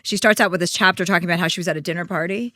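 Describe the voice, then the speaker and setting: A woman in her forties hosts a casual podcast chat, and her talk comes across as blunt and sarcastic, salted with swearing. Her voice sits a little low but has a bright, forceful edge. The sound is dry and close, with no room echo. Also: steady tone, very fast. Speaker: podcast host.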